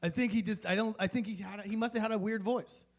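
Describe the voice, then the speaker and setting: High-voiced male comic, rambling and profane, constantly breaking off mid-thought. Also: fairly even intonation, quick pace. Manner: rambling, profane, self-interrupting. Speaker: stand-up comedian. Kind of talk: stand-up comedy set. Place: comedy club stage.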